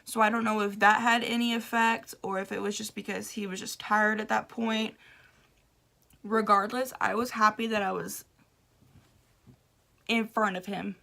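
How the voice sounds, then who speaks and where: A young woman vlogger, casually telling a story to camera in a gushing, excitable way, laughing and breaking off mid-sentence. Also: mid-range voice, moderate pace, gravelly, long pauses.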